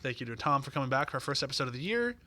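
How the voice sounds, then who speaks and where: Bright-voiced man hosting a podcast. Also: mid-range voice, sing-song, very fast, no echo. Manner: rambling, joking, laughs often. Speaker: podcast host. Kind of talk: casual podcast chat.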